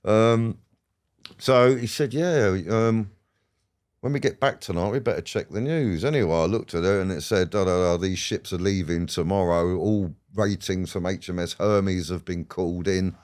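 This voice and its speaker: A man's voice: low voice, normal speed, darkish tone. A man, a podcast guest rambling through stories, swearing and laughing as he goes. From England. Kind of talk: casual storytelling interview.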